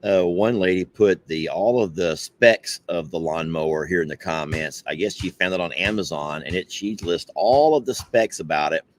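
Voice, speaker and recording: A man's voice: sits low, normal speed, few pauses. A man hosting a casual coffee chat, playful and teasing, laughing often. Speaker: host.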